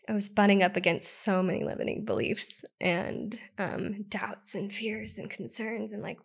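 A woman's voice: mid-range voice, moderate pace, vocal fry, hardly any pauses, slightly rough. A woman in her thirties from the United States, a podcast guest telling her own story in a casual, candid and emotional way, with many "like" and "you know" fillers.

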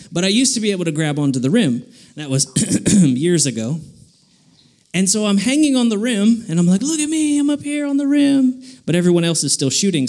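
A man giving a children's sermon, telling an animated story and asking the kids questions. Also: on the high side. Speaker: children's speaker.

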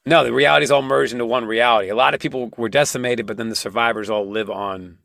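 A man in casual podcast chat, explaining and riffing in an animated, profane way. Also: medium pitch, fast, gravelly, dry recording, clean studio sound.

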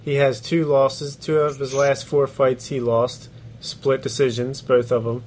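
With a mid-range, level, slightly mellow voice and a somewhat slow delivery, a man co-hosts a laid-back sports podcast. He laughs frequently and swears casually as he shares blunt opinions, with a little hiss or hum on the recording.

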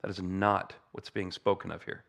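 A man's voice: sits low, little pitch movement, moderate pace, gravelly, fairly bright tone. An American man, a pastor, praying earnestly and then preaching a sermon in a conversational way with humorous asides. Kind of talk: sermon with opening prayer.

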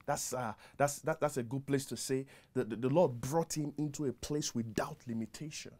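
A male pastor preaching a sermon. He starts quietly, then builds to a loud, high delivery, often repeating himself and stumbling over words. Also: moderate pace, few pauses.

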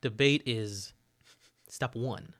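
A man holds forth in a casual podcast conversation, mid-pitched and emphatic. He talks in animated bursts and keeps tagging his points with "right?". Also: slow pace. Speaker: podcast host.

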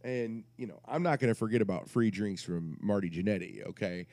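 A man's voice: fairly low pitch, a little fast, a little mellow. A man on a podcast, telling a rambling, crude story in casual chat and interrupting himself as he goes. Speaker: podcast co-host.

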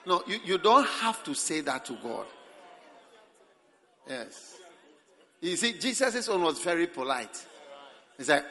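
A high, very bright man preaching to a congregation, his voice leaping up and down in pitch. He talks with lively energy and bursts into shouts. The sound rings with a long hall reverb. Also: unhurried, pauses often, a faint crowd. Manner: animated, acts out prayers with sudden shouts. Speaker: pastor. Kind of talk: sermon. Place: large church service.

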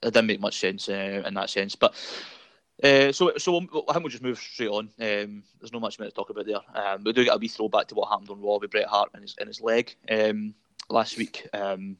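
Scottish guy chatting away, lowish voice, lots of ums and laughs, dead dry mic. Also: steady tone, brisk, a bit bright, no room sound. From Scotland. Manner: rambling, laughs often, many fillers. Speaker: podcast host. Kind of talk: casual wrestling chat.

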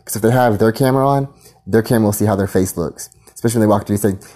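A man delivering a crude, combative rant full of repeated insults. His voice sits low with a dark, mellow tone. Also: rapid-fire. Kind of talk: angry profane rant.

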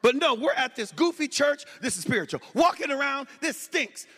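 A man tells a stand-up story in a strikingly high, bright voice. He is animated and shouts his punchlines, with long hall reverb trailing behind him. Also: normal speed. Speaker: stand-up comedian.

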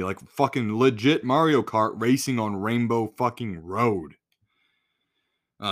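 A man hosting a podcast in a casual solo rant, blunt and full of swearing. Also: fairly low pitch. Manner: profane, blunt, exasperated. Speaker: podcast host.

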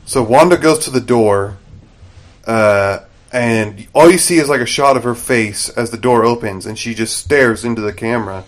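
A man co-hosting a podcast casually recaps a TV episode, retelling it with energy and acting out the characters' lines. He speaks at medium pitch and a moderate pace.

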